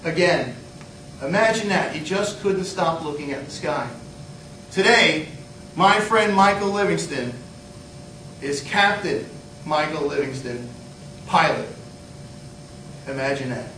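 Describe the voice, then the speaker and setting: A middle-aged man giving a humorous motivational speech, an animated storyteller acting out scenes. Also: takes it slowly, long pauses. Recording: echoey hall, mic far off, low rumble.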